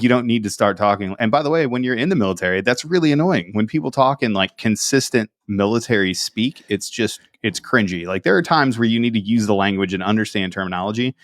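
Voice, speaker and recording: A low-voiced man talks in a casual, sarcastic podcast chat and often acts out other people's lines in a mocking tone. The sound is dry and close, with no room echo. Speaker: podcast co-host.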